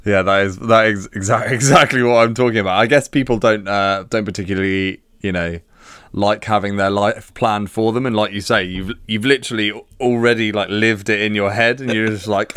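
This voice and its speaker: A man's voice: lowish voice, fairly even intonation, brisk, a bit bright, clear, resonant tone, no room sound. A man on a podcast asking questions in a casual, hesitant way, full of ums and restarts. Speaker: podcast co-host.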